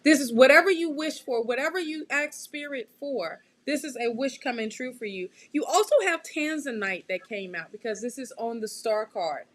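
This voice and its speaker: A woman hosting a live tarot reading, chatty and quick to laugh, often checking in with her listeners. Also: fairly high pitch, animated, fairly bright tone. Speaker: tarot reader and show host.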